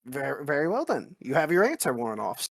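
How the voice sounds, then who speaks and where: A man's voice: mid-range voice, wildly swooping pitch, fast talker, vocal fry, fairly bright tone. A man voicing a stern political officer who lectures in a formal, pedantic way, his voice rising and falling widely as he argues. He treats every exchange in the tabletop role-play as a debate about consensus and doctrine. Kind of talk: in-character role-play chat.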